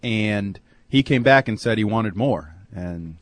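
A man's voice: fairly low pitch, lively intonation, a little slow, no room sound. A man co-hosting a sports talk radio show, wry and offhand, often trailing off. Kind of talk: casual sports radio chat.

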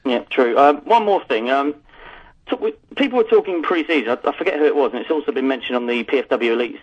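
A man phones in to a sports talk show and talks fast and freely. His voice comes through a dull, lo-fi line. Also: medium pitch, animated, breathy edge. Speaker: caller. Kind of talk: casual phone-in chat.

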